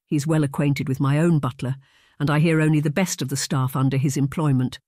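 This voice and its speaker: A man's voice: on the high side, fairly even intonation, brisk, a little mellow, no room sound, studio quality, close to an everyday voice. A man voicing a kindly, cheerful middle-aged noblewoman who is letting her governess go, speaking graciously in an audiobook.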